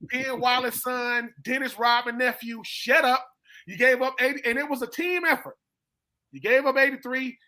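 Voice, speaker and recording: A man, a former player, telling stories with animated emphasis on a live-streamed sports talk show. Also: very high voice. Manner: animated storytelling, emphatic repetition. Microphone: live stream call.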